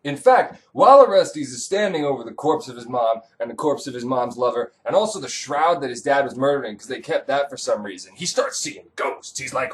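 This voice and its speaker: A young man retelling an old tale as irreverent comedy, sarcastic and full of profane asides. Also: mid-range voice. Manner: animated, sarcastic, rapid asides. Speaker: comedic storyteller.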